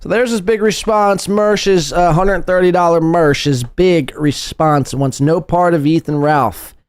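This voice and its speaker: A man's voice: on the high side, unhurried, clean tone, dry recording. A man hosting a podcast, mocking and sarcastic as he reacts to a played clip. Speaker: podcast host.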